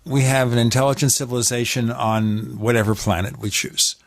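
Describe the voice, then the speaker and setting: A man's voice: medium pitch, steady tone, a little fast, dry recording. Talk radio host man. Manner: conversational, steering questions. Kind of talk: talk show interviewing and ad read.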